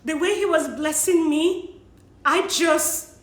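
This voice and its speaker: A woman's voice: high voice, takes it slowly, roomy sound. A young woman vlogging about paying off her loans, teary and sniffling, apologizing and laughing through her tears. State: tearful, sniffling. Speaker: vlogger sharing money tips. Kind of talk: emotional personal vlog.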